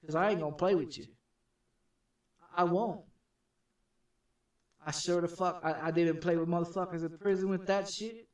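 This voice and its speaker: A man streaming from his home gaming setup, telling a story in a rambling, profane, repetitive way that turns loud and heated. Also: high voice, fairly even intonation, moderate pace, long pauses. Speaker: game streamer. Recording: echoey room, distant from the mic.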